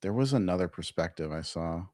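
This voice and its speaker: A man's voice: low-pitched, expressive, a little fast, darkish tone, no room sound, studio quality. A man hosting a casual reaction commentary, talking in a profane, incredulous way. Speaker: commentary host.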